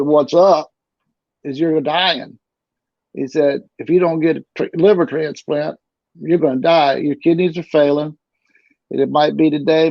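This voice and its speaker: A man's voice: on the high side, vocal fry, no echo. A middle-aged man telling his story casually as an interview guest, rambling and often repeating and restarting his words. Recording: dull lo-fi recording.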